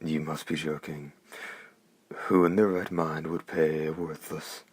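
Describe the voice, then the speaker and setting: A man with a very deep voice voicing a haughty, spoiled young noblewoman who talks in an imperious, scornful way. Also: level tone, unhurried, husky, dry recording, heavily acted. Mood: furious.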